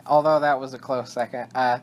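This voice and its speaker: A young man is chatting loosely on a podcast, wandering off topic and circling back. He breaks off his own sentences, restarts them and laughs along the way. His voice sits at an everyday middle pitch. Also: fairly even intonation, fairly quick. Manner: rambling, self-interrupting, laughs often. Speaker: podcast co-host. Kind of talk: casual chat.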